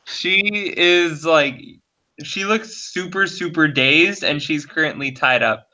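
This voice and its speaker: Man, game master, bright slightly high voice, unhurried, halting with ums. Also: low-quality recording. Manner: hesitant, many fillers. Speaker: dungeon master. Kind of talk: narrating a tabletop game.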